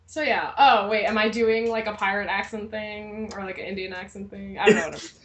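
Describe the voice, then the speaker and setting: A woman's voice: mid-range voice, fairly even intonation, a little fast, a crowd in the background. A young woman co-hosting a casual review chat, bubbly and giggly. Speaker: co-host.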